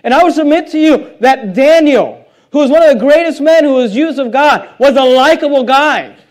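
A man's voice: very high voice, expressive, normal speed. A man preaching a sermon in a conversational way, reading scripture aloud and putting questions to the congregation.

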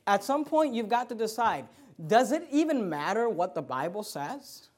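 A man's voice: high-pitched, sing-song, normal speed. A man preaching a sermon as a pastor, in an emphatic, conversational way with frequent restarts.

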